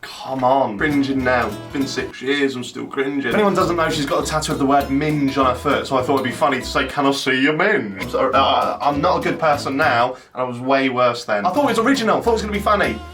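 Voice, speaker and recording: A man's voice: mid-range voice, fast, few pauses, distant mic. Cheeky sweary man, music behind. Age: 20s. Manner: cheeky, sweary, self-mocking. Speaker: YouTuber host. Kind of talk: casual storytelling vlog.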